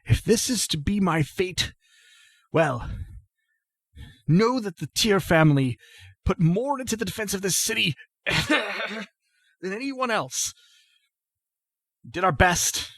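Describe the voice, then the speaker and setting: A man voicing a bitter, frail old patriarch who coughs and talks in a weary, cracked way, his voice pushed higher than his own. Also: lively intonation, takes it slowly, pauses often, fairly bright tone, husky, no echo, exaggerated voice. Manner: weary, cracked, raises pitch.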